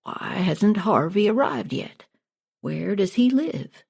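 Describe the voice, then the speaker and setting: A woman reading a storybook, voicing a scheming old male con man who poses as a king and speaks slowly and with false piety. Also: medium pitch, big pitch swings, darkish tone, heavily acted. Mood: slow, oily. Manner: slow, smooth, falsely pious talk.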